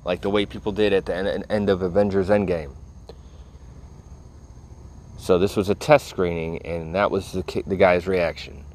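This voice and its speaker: A man's voice: low voice, little pitch movement, moderate pace, long pauses, darkish tone. A tired man rambling casually to his audience, laid-back and full of profanity. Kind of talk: casual rambling talk to camera.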